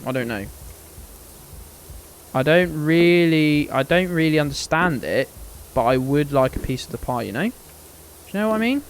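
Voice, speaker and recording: A man's voice: mid-range voice, gravelly, a little hiss or hum, poor audio. A man streaming a game, chatting casually to his viewers in a rambling, sweary, joking way.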